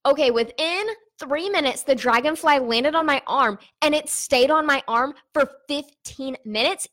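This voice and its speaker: A woman's voice: high voice, fairly bright tone. A young woman business owner giving an emotional, candid, chatty vlog update, talking to her viewers like friends. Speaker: online business owner giving an income report. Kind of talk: casual to-camera vlog talk.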